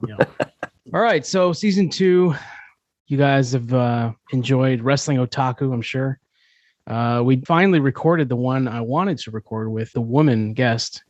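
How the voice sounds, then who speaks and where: A man co-hosts a comedy podcast, setting up the segment in a relaxed, rambling way. His voice sits mid-range. The sound is dry and close. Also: mid-range voice, a little slow, no room sound, lo-fi sound. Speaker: podcast co-host. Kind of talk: casual podcast banter.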